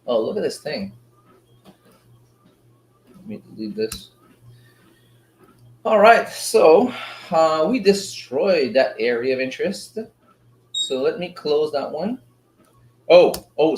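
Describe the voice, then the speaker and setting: A man runs a live forex trading stream in a loose, slangy chat with his viewers. He gets excited as prices move, and his voice sits at a middle pitch. The room around him sounds roomy and echoey. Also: moderate pace, long pauses, slight background noise. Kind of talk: casual live trading commentary. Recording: roomy echo.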